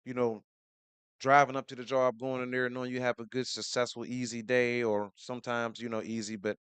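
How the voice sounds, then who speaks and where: A man's voice: medium pitch, little pitch movement, brisk, a bit bright, clear, resonant tone, dry recording. A man hosting a podcast in casual chat, laid-back and fond of telling stories, repeating words as he goes. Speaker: podcast host.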